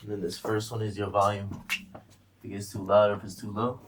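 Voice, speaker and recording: A man working as a studio engineer, calmly giving practical instructions in a recording studio. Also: on the low side, fairly quick, recorded from a distance, background noise.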